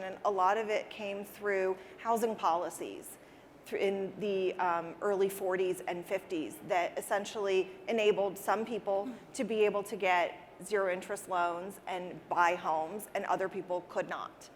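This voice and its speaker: An interior designer being interviewed answers earnestly and conversationally in a steady, mid-range voice at a moderate pace, often repeating words as she restarts a thought. The recording sounds like a reverberant hall with faint ambience and a little hiss or hum.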